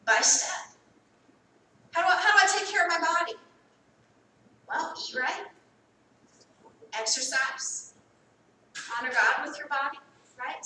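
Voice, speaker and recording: An American woman pastor preaching a sermon. She repeats phrases and swings from quiet asides to loud calls. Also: high-pitched, recorded from a distance, a little hiss or hum. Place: church sanctuary. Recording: roomy echo, voice from off the mic.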